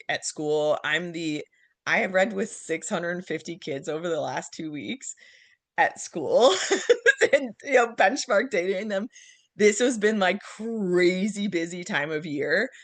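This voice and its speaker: A woman's voice: fairly low pitch, a bit bright, no echo. Brief: woman, gushing and breathless, laughing, dry video call sound. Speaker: guest sharing her success. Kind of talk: casual video call chat.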